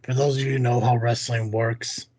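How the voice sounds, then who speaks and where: A man's voice: medium pitch, level tone, moderate pace, darkish tone, dry recording. A man hosting a podcast, rambling in casual, profane chat with many fillers. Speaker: podcast host.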